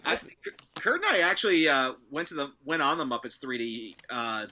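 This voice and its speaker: Sharp-voiced, joking male co-host. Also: medium pitch, very animated, normal speed, a little hiss or hum. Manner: jokey, laughs often, stumbles over words. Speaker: talk show co-host. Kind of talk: casual podcast chat.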